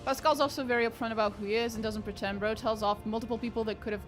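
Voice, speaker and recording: A woman's voice: a little high, steady tone, racing, soft background music. A young woman streaming a game, chatting casually with viewers, swearing often and getting exasperated. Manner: frustrated, swears freely, chats with viewers. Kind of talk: casual live-stream chat while playing.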